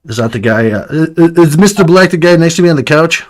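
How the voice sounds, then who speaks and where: A man's voice: fairly high pitch, expressive, fast, voice pushed up, natural voice. A man putting on a chummy would-be Brooklyn tough guy. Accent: attempted Brooklyn. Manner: jokey, laughing, overfamiliar. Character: friendly swaggering guy, folksy and chummy.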